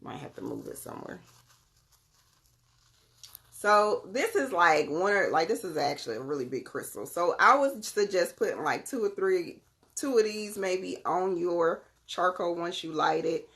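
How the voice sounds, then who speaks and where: Brief: young woman, deep voice with fry, relaxed chatty live-stream host talking to viewers through her phone. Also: measured pace. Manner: chatty, talks straight to viewers by name. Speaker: live-stream host selling crystals and readings. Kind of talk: casual live-stream demonstration.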